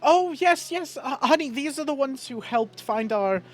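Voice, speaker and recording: A man voicing an excited, gushing wife of a craftsman in a tabletop game, pitched far above his own voice. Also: normal speed. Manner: shrill and gushing.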